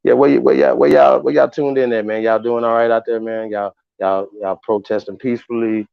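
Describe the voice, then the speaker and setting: A man's voice: mid-range voice, fairly even intonation, a little fast, gravelly, clear, resonant tone, no room sound. A man hosting a casual livestream, talking to viewers in a heated, profane, rambling way with many restarts. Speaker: livestream host. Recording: dull lo-fi sound.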